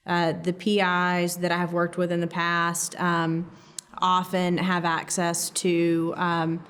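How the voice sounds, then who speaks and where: A woman criminal defense attorney explaining her practice in a measured way, with frequent ums and uhs. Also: lowish voice, slight background noise. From United States. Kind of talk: professional legal education interview.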